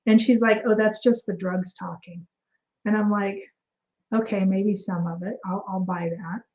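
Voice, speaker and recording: A woman with a warm, mellow voice tells her story as a guest in a casual interview. She talks in an animated way, acts out what other people said, and fills her sentences with ums and restarts. The audio is a little dull and muffled. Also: mid-range voice, measured pace. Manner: animated, acts out quoted dialogue, frequent fillers and restarts.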